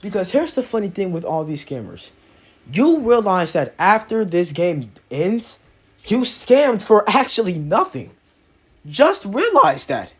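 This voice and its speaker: A man's voice: high-pitched, very animated, a little slow, breathy edge. A young man giving an exposé commentary, heated and often stumbling over his words. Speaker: YouTuber.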